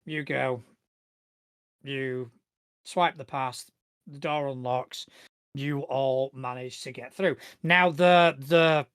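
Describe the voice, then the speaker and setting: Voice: mid-range voice, fairly even intonation, takes it slowly, pauses often, a bit bright, smooth, no echo, clean studio sound. Game master narrating a heist scene. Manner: loose and descriptive, with many fillers.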